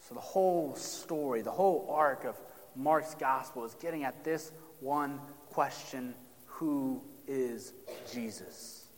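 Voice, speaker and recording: A man's voice: medium pitch, slow, big-room sound. A pastor preaching a sermon, addressing his congregation directly and building emphasis as he reads from Scripture.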